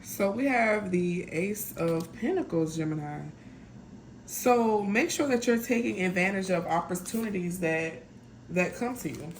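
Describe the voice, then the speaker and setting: A woman's voice: medium pitch, expressive, unhurried, a little hiss or hum. A woman doing a casual tarot reading, chatty and blunt, talking straight to her viewers. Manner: chatty, blunt, lots of "y'all" and "like". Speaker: tarot reader.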